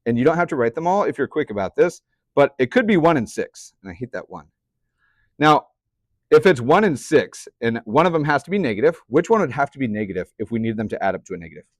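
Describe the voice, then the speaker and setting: A man's voice: medium pitch, lively intonation, fast, no echo, studio quality. A young man teaching a math class, chatty, often putting questions to the students. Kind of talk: classroom lecture.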